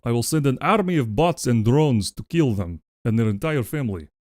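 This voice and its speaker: A bellowing goat comrade with a thick put-on Russian accent, as a man puts him on, ordering listeners to love themselves and cursing between slogans. His pitch swings widely and the sound is dry and close. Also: animated, fairly quick, a little mellow, no room sound, lightly acted. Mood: mock-stern. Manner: mock-stern, barking slogans, profane. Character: boisterous male goat communist comrade giving pep talk. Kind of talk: comedic affirmation bit on livestream.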